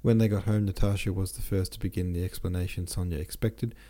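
A man narrating a classic novel as an audiobook, reading steadily and dropping low on dialogue tags. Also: steady tone, quick pace, warm tone.

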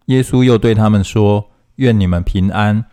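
A man reading Bible passages aloud in a steady, formal manner, phrase by phrase. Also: fairly low pitch, moderate pace, smooth. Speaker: scripture reader.

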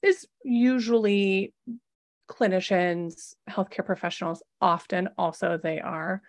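Woman podcast host w a gravelly fry in her voice, chatty and casual. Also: mid-range voice, fairly even intonation, slow pace. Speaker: podcast host, labor and delivery nurse.

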